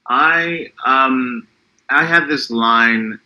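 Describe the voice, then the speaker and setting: A man's voice: mid-range voice, very slow, sharp tone. A thoughtful, somewhat hesitant American man chatting casually over a video call. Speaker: guest actor. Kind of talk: casual chat. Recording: dull, lo-fi sound.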